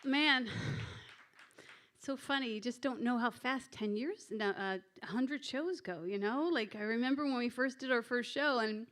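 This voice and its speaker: Effusive high-voiced woman hosting a show. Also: normal speed, a bit bright. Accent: New Jersey. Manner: effusive, swearing, laughing, acting out quotes. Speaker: host introducing a storyteller. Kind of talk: live stage introduction.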